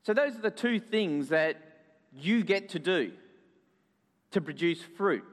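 A man, a pastor, telling a children's story and preaching in a church with animated delivery. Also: sits high, slow pace. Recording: echoey hall.

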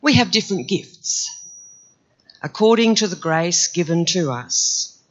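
A man with a croaky voice, reading a Bible passage aloud in a measured, earnest church reading. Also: high voice, expressive, fairly bright tone, lo-fi sound. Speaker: scripture reader.

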